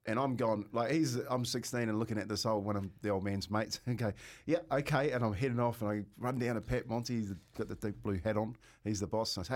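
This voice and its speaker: Laughing New Zealand bloke telling yarns. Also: male voice, medium pitch, fast talker. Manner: laughs through his stories, animated. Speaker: radio co-host. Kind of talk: casual storytelling chat.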